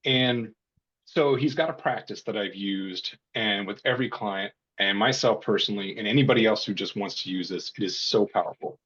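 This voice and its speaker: Husky low-voiced man telling stories. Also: normal speed, muffled recording. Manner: animated, acts out quoted voices. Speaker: burnout coach, podcast guest. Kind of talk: casual storytelling.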